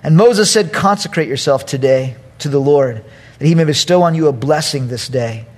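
A male pastor preaching a sermon, telling a funny story and acting out the quotes loudly. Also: on the high side, moderate pace.

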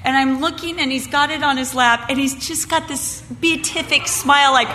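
At a women's Christmas event, an older woman tells a family story and then preaches, shifting from lively narration, where she acts out relatives' voices, into earnest sermonizing. Her voice is high-pitched, her pace moderate, and she pauses little. The reverberant hall carries faint background noise.

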